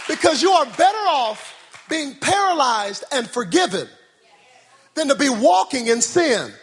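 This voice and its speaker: A man preaching a sermon in a church, calling out to the congregation and rising into shouted, sing-song cadences. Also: very high voice, big pitch swings, a little slow, a faint crowd. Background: soft music.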